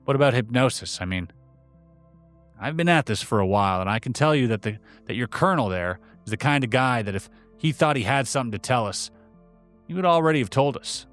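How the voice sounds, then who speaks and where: A man's voice: medium pitch, lively intonation, fairly quick, a bit bright, faint music behind, natural voice. A man voicing a blunt, impatient intelligence agent in a read-aloud story.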